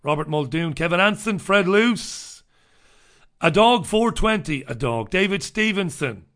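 A man's voice: high-pitched, expressive, a little slow, fairly bright tone. Sardonic man rambling through headlines. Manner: sardonic, wry asides and scoffing; loose, rambling delivery with repetitions. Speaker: livestream host reviewing newspapers and viewer comments. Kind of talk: casual live commentary.

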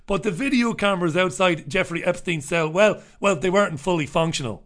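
A man with a high, somewhat bright voice talks fairly quickly and barely pauses while hosting a livestream where he reviews newspaper stories and viewer comments. His delivery is loose and rambling, full of repetitions, sardonic wry asides and scoffing.

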